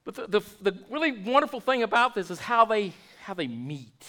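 Folksy high-voiced pastor preaching. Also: male voice, big pitch swings, normal speed, bright, forceful tone. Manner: folksy, repeats and restarts words, asks the congregation questions. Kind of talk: sermon.

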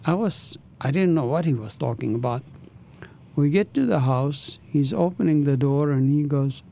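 A man's voice: a little high, lively intonation, normal speed, a little mellow. A man, an interview guest, telling his life story with an intense, earnest manner.

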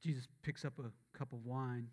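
A man's voice: steady tone, normal speed, darkish tone. Impassioned Southern-accented male preacher. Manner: impassioned, building to emphatic peaks then dropping low and solemn. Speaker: pastor. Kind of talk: sermon.

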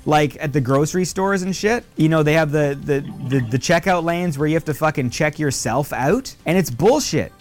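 A man's voice: fairly high pitch, normal speed, hardly any pauses, faint music behind. Rambling, foul-mouthed man chatting. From Canada. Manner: rambling, profane, lots of fillers. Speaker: podcast host. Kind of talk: casual chat.

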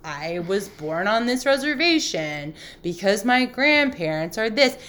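A woman's voice: medium pitch, big pitch swings, a little slow, a bit bright. Snarky woman recapping TV with a friend. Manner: snarky, swears casually, acts out quotes. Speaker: podcast co-host. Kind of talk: casual chat recapping a TV show.

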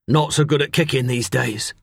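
Male reader as a gentle, friendly middle-aged man, slightly husky, dry close sound. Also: mid-range voice, normal speed, dry recording. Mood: encouraging. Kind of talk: audiobook character reading.

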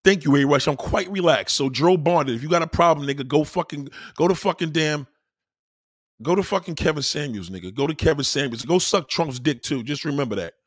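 A man's voice: a little high, brisk, no echo, clean studio sound. A man ranting heatedly in a profane, repetitive monologue to his audience.

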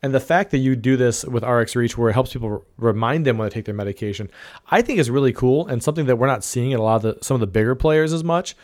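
A man hosting a casual interview, asking questions in a quick, enthusiastic, chatty way. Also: mid-range voice, darkish tone, no echo, studio quality. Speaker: podcast host.

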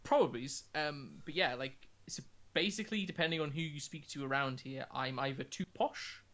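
A man's voice: on the high side, moderate pace, fairly bright tone. A young man with a northern English accent, co-hosting a podcast in casual, sweary, rambling chat. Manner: sweary, rambling, self-mocking. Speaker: podcast co-host.

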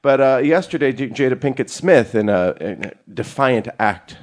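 A man's voice: medium pitch, expressive, normal speed, a little mellow. A man in casual podcast talk who keeps steering the topic, hesitating with fillers. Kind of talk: casual discussion.

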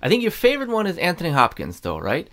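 A man's voice: fairly high pitch, wildly swooping pitch, quick pace, a crowd in the background. A man hosting an interview who asks questions in a loose, chatty way. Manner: chatty, many fillers and restarts. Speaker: interview host. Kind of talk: casual interview chat.

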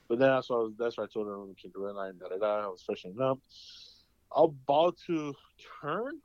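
A man's voice: mid-range voice, fast talker, no room sound. A man telling a long story in casual chat, rambling and profane, full of fillers. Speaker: podcast host. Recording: dull lo-fi dry sound.

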